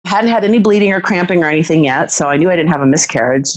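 A woman in her thirties, telling a personal story in casual chat, animated and acting out what others said. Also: on the low side, racing, no echo, poor audio. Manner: animated, acts out quoted voices.

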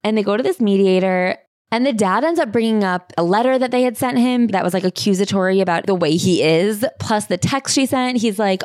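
A woman's voice: medium pitch, no room sound. Casual woman podcaster, dry close sound. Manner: quick, animated retelling with acted quotes. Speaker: podcast co-host. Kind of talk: casual chat recapping a memoir.

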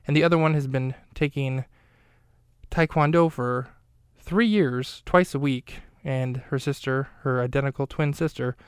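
A man's voice: mid-range voice, steady tone, unhurried, clean tone, no echo. A man hosting a podcast, casually recapping a film scene in a rambling, talkative way, with lots of fillers and self-corrections, close to a studio mic. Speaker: podcast host.

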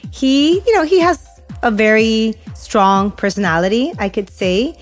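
A woman's voice: fairly high pitch, expressive, unhurried, faint music behind. A young woman co-hosting a podcast, chatting casually and telling a story with lots of "like" and "you know". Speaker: podcast co-host. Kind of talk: casual chat.

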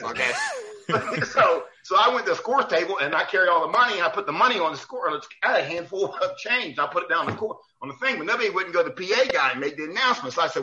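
A man's voice: high voice, sing-song, a little fast, bright, forceful tone, lo-fi sound. A man, a referee guest on an interview show, telling stories animatedly, often laughing, repeating words and acting out what others said. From United States. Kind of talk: animated storytelling in a podcast interview.

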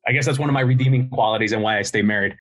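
A man's voice: mid-range voice, racing, a bit bright. Blunt, swearing middle-aged man. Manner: blunt, swears freely, tells stories with quoted voices. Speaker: podcast guest, business founder. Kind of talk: casual interview talk.

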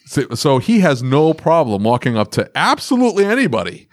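Lively joking man hosting a podcast. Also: fairly high pitch, a little fast, no echo, clean studio sound. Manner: joking, lively storytelling, laughs while talking. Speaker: podcast host. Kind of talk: casual podcast chat.

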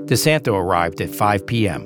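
A man narrating a documentary news story in a measured, scripted way. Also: on the low side, animated. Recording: music bed under the voice.

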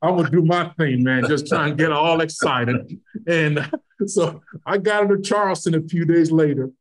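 A man's voice: on the high side, moderate pace. A middle-aged man from Nigeria, a podcast guest, telling a personal story and acting out the dialogue as he goes. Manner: animated storyteller who acts out quoted dialogue. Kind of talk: storytelling anecdote.

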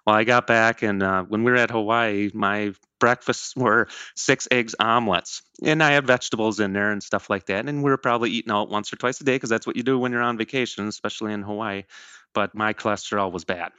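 A man's voice: fairly low pitch, brisk, sharp tone, clear, resonant tone, no room sound. A man around fifty, talking earnestly as a program member in a casual interview, often restarting and correcting himself. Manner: rambling, self-correcting, earnest.

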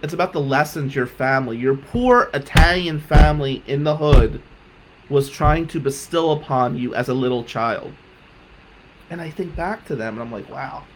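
A man telling a personal story on his podcast, heartfelt, moving between loud emphasis and quiet reflection. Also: mid-range voice, moderate pace, slight background noise, low-quality recording. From South Jersey. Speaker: podcast host.

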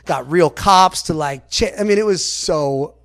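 Rambling man telling stories, slightly high voice. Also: measured pace. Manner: rambling, animated, packed with "like" fillers; acts out other people's lines in quotes. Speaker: podcast guest. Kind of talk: casual storytelling in an interview.

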